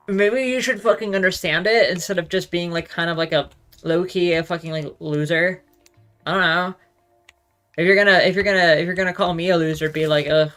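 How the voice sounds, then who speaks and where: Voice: medium pitch, fairly bright tone. Rambling, profane solo ranter. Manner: rambling, profane, heavy use of "like". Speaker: solo talk show host. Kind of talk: casual ranting monologue.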